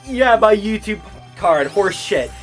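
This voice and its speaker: A man's voice: high-pitched, expressive, slow pace, over music. A young man chatting casually with friends while gaming, telling a rambling story full of swearing and breaking into laughter mid-sentence. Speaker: retail cashier telling a story.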